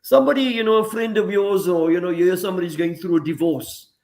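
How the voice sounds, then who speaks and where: A man's voice: high voice, fast talker, a little mellow. A man speaking as the regular guest on a talk segment, earnest and a bit preacherly, working through everyday examples. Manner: earnest, preacherly, gives examples, uses Arabic phrases. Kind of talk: radio talk segment, reflective commentary.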